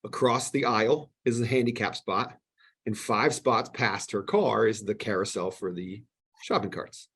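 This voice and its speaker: Husky-voiced man, podcast guest, lively storyteller who acts out what people said. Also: fairly low pitch, normal speed. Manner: animated storyteller, acts out quoted exchanges. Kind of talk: casual storytelling chat.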